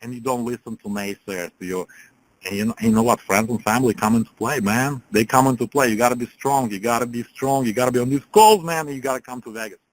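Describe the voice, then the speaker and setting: A man's voice: mid-range voice, fast, rough recording. A man coaching a group on a call, telling a rambling motivational story with many fillers and restarts. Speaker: business coach.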